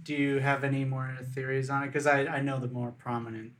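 A man's voice: mid-range voice, little pitch movement, brisk, fairly bright tone, a little hiss or hum. Young man chatting with laughs. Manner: laughs often, swears casually. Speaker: podcast co-host. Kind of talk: casual chat.

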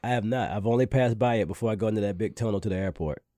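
A man with a fairly low, mellow voice co-hosts a podcast, easygoing and quick to joke. He sounds a bit congested from allergies. The sound is dry and close. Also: no echo. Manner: easygoing, joking, animated storyteller. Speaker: podcast co-host. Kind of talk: casual chat.

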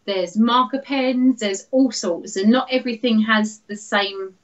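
A chatty woman, a guest artist, explaining her work in a relaxed interview, with lots of fillers and quick laughs. Her voice sits at a mid pitch. The recording is a little dull and lo-fi. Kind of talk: casual interview.

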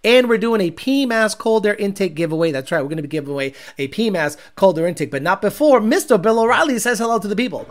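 A man's voice: sits high, quick pace, hardly any pauses. A man hosting a live car show in casual, brash and sarcastic talk, rambling through viewer names.

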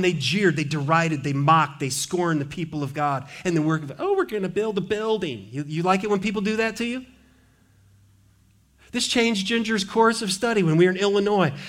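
Lively pastor preaching, fairly high voice. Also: male voice. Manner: lively and conversational, with playful quoted asides. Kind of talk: sermon. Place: church sanctuary.

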